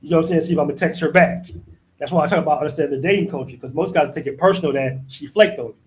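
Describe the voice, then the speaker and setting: A man's voice: a little high, very fast, slight background noise, rough recording. Laid-back, slangy male stream host. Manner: laid-back, slangy, keeps asking "you know what I'm saying". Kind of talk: casual live-stream chat.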